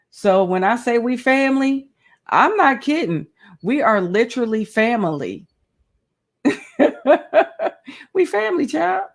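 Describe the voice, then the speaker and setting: A woman hosting a casual live chat, talking animatedly and laughing often, calling her viewers honey and child. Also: lowish voice.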